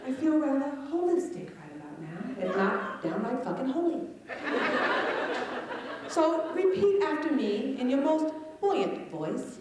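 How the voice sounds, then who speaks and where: A brash woman comic teases a live crowd in a stand-up set, her voice a little high. She sounds distant and echoey, as on an old live recording from a chapel. The audience laughs loudly behind her. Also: very animated, takes it slowly. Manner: brash, teasing the crowd, swearing.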